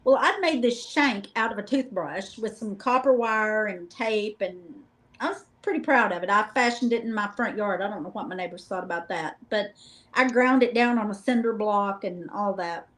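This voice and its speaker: A middle-aged woman guest, telling lively, joking stories about a paranormal investigation in a casual chat. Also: mid-range voice, normal speed, poor audio. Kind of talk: casual storytelling.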